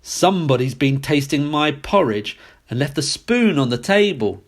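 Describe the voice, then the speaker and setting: A man's voice: on the high side, big pitch swings, normal speed. A man voicing a great big father bear in a storybook reading, speaking in a growl. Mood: gruff.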